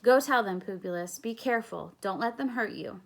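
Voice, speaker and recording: A woman's voice: medium pitch, moderate pace, vocal fry. A woman reading the part of an urgent, pleading male Roman conspirator.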